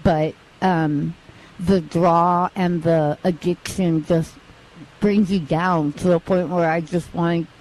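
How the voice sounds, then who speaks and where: A woman with a slight lisp, telling her personal testimony as an interview guest in an earnest, halting way, with many restarts. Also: lowish voice, steady tone, a little mellow, slight background noise, poor audio. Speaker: interview guest, mission staff. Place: outdoors at a live charity event.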